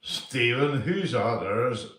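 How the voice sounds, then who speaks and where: A man's voice: medium pitch, lively intonation, slow, fairly bright tone, roomy sound, distant mic. A man of about fifty-five with a Northern Irish accent, chatting casually on a livestream, rambling, swearing and repeating himself. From Northern Ireland. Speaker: livestream host. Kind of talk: casual live chat reading comments.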